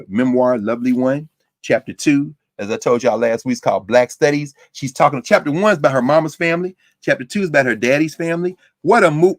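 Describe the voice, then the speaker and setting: A man lecturing to a university class, talking in a lively, conversational way with frequent asides to his students. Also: mid-range voice, dry recording. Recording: dry close sound.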